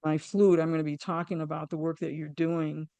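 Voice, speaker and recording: A woman's voice: low-pitched, flat delivery, warm tone, no echo. A woman hosting an interview, talking candidly with blunt humor in a casual conversation. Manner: candid, talks in quick bursts with blunt humor. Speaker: podcast host.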